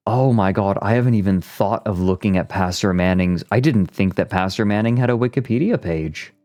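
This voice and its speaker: A male streamer chatting casually, joking, reacting out loud and reading aloud from a web page. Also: lowish voice, brisk. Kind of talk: casual livestream chat. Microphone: streaming mic.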